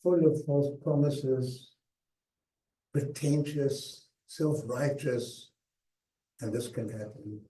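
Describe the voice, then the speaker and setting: Older man, slow and roomy. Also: medium pitch. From South Africa. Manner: slow, emphatic, with hushed pauses. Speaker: guest speaker. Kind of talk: personal memoir talk. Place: lecture hall. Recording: echoey hall, mic at a distance.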